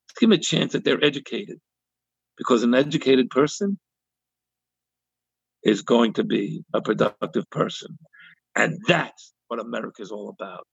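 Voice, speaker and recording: A rabbi hosts his own talk show, telling stories in a gravelly, husky voice with animated emphasis. The sound is dry and a little dull. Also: medium pitch, dry recording. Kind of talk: monologue commentary with anecdote.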